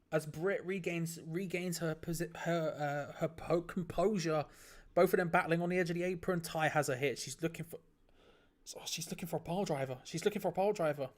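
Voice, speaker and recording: A man hosting a live stream, giving excitable play-by-play reactions to a match, laughing often and restarting his phrases. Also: on the high side. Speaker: watch-along stream host.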